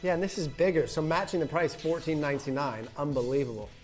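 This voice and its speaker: A man co-presenting a live shopping show, relaxed and agreeable, telling stories. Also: fairly high pitch, fast, soft background music. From Canada. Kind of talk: live sales chat and anecdote.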